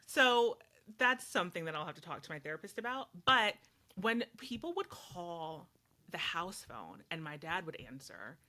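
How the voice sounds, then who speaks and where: Bright-voiced blunt podcast woman. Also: lowish voice, sing-song, moderate pace. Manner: blunt, fired-up storyteller. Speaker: podcast co-host. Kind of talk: casual chat.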